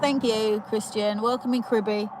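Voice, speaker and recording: A woman's voice: a little high, fairly even intonation, normal speed, background noise. A young British woman hosting a casual livestream, chatting and giggling as she welcomes viewers, with lots of fillers and restarts. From United Kingdom. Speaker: livestream host. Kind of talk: casual live chat greeting viewers.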